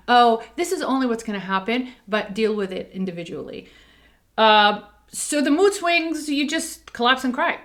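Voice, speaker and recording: Speaking on camera, this dental office staffer is a middle-aged woman with a slightly bright voice that sits on the high side. It's casual personal talk, candid and emphatic, full of "like" and "okay."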